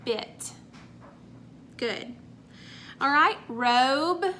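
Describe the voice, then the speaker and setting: Slow, bright-voiced woman teacher sounding out words. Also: sits high, expressive, slight background noise. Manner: encouraging praise after each answer. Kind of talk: remote phonics lesson for young children.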